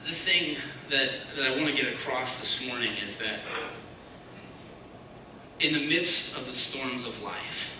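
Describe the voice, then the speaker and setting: A man giving a casual, searching sermon, dropping to a hushed voice when he voices other people's prayers. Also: mid-range voice. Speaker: preacher. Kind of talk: conversational sermon. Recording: echoey room, mic far off, faint hiss.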